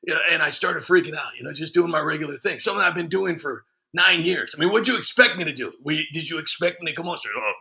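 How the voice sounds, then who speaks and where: A man's voice: on the high side, quick pace, gravelly, few pauses, pushed and bright. A man hosting a stream, talking in a casual, sarcastic rant with lots of fillers and jokes. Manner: sarcastic, joking, frequent fillers. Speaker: streamer host. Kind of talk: casual ranting monologue.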